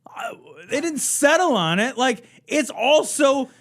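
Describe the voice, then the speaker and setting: High, animated man riffing sarcastically. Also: slow pace. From Illinois. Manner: animated, sarcastic, swears freely. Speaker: livestream co-host. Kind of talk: casual political chat.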